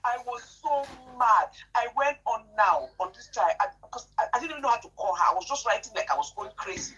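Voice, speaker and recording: Animated woman telling her story. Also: on the high side, fast talker, dull audio, faint music behind. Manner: animated, indignant, repeats herself. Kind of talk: emotional storytelling chat.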